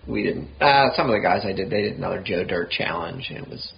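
A man's voice: low-pitched, lively intonation, fast talker, creaky. A man hosting a casual, easygoing podcast interview. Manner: easygoing, chuckling. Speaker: podcast host. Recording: dull lo-fi sound with faint hiss.

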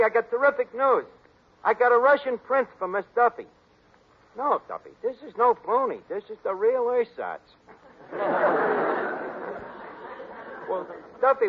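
A man's voice: high voice, husky, exaggerated voice. A man playing a brash wisecracking tavern manager. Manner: fast-talking wisecracks, mangled grammar. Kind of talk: 1940s radio sitcom acting. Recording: lo-fi 1940s radio broadcast, studio audience laughter, hiss.

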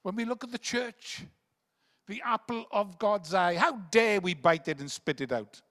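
A man preaching a rambling sermon that swings between loud emphatic bursts and hushed quiet passages. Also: high-pitched, normal speed. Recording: long reverb of a large hall.

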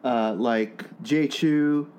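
A man co-hosting a podcast who explains his views in a thoughtful, halting way. His voice is mid-pitched. A faint hiss sits behind him. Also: a little mellow. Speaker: podcast co-host. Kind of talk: casual podcast chat.

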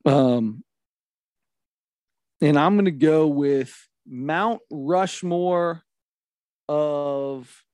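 A man, co-hosting a casual chat, animated and self-mocking, laughing often. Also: on the high side, drawn-out words, long pauses, clear, resonant tone, no room sound. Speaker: podcast co-host.

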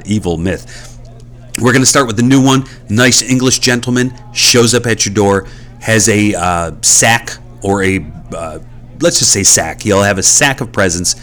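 Rambling low-voiced comic host. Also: male voice, fairly bright tone. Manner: rambling, mock-outraged, full of fillers. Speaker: podcast host. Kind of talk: comedic monologue.

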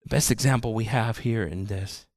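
Male pastor, low voice, earnest sermon delivery with repetition, dry sound. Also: normal speed, dry recording. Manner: earnest preaching that swings from soft to loud, with repeated phrases.

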